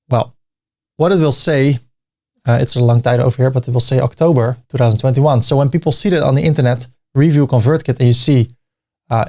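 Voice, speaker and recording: Young adult male tutor with a mid-pitched voice, loose and unscripted, narrating his screen step by step. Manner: relaxed, thinking aloud, frequent fillers and restarts. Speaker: tutorial host. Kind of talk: casual screen-recorded software tutorial.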